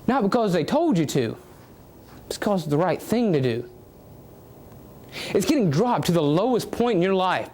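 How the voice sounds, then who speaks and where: A young man with a Southern US accent giving a competition speech, asking the audience questions as he goes. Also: high-pitched. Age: young adult. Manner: animated, rhetorical questions to the audience. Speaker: student public speaking contestant.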